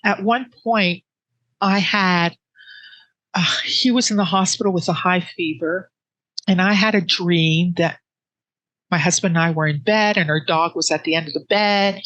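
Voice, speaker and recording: Halting, emotional woman. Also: fairly low pitch, steady tone, dry recording, rough recording. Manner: earnest, halting storytelling with restarts; soft and emotional, close to tears. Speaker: interviewee. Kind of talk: personal grief story in an interview.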